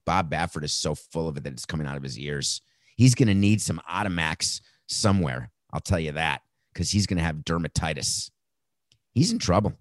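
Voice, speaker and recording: A man's voice: extremely low pitch, animated, a little fast, dry recording. A man hosting a sports talk show, giving sarcastic, incredulous commentary with laughing asides. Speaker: host.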